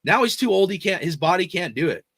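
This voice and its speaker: A man's voice: high voice, big pitch swings, fast, fairly bright tone, no room sound, studio quality. A man hosting a fan channel, ranting about football and reading out chat comments in a blunt, cussing, rambling way. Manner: profane, emphatic, rambling.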